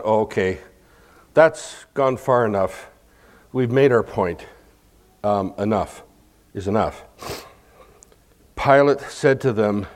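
Male preacher, slow and deliberate, teaching through a passage with chatty asides. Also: mid-range voice. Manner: explains a scripture passage verse by verse with asides; acts out crowd chants and quotes. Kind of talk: sermon.

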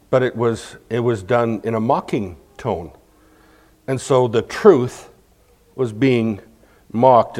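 A male preacher delivers his sermon at an unhurried, measured pace. He works through the passage line by line, talks straight to his listeners, and now and then acts out the chanting crowd. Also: mid-range voice, darkish tone. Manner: explains a scripture passage verse by verse with asides.

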